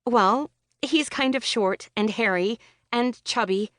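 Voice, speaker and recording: A woman's voice: fairly high pitch, takes it slowly, no room sound. Woman doing a self-conscious young woman in her twenties, earnest, flustered, dry close sound. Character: anxious, awkward young woman gamer, twenty-one.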